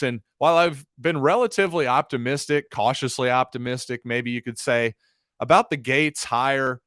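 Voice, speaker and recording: A man's voice: medium pitch, fairly bright tone, no echo, studio quality. A man hosting a solo sports podcast, talking through the news in a conversational way with wry, sarcastic asides. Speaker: podcast host.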